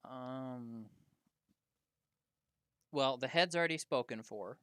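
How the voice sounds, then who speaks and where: Slow bright-voiced man narrating a game. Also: mid-range voice, smooth, no echo, clean studio sound. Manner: slow, drawn-out descriptive narration. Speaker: game master.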